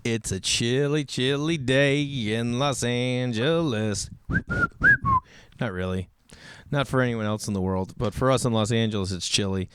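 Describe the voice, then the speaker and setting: A man, a comedian hosting his own show, chatting loosely and rambling with a voice gone hoarse. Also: medium pitch, a little slow, a little hiss or hum. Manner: rambling, loose, self-mocking with many fillers. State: hoarse, recovering lost voice. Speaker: comedian podcast host. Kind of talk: casual solo chat. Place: home indoors with rain on the roof.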